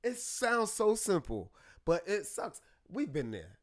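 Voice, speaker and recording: Animated man, a bit high-pitched. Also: slow. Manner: animated, acts out clients' voices, calls listeners brother. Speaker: therapist guest. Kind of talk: podcast conversation.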